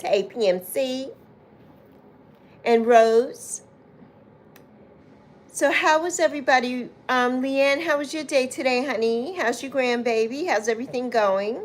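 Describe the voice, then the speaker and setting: A woman chats unhurriedly with viewers on her livestream. Her voice sits a little high and her pace stays slow. She greets people by name with easy endearments. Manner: warm, chatty, calls viewers "my love" and "honey". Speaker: livestream host.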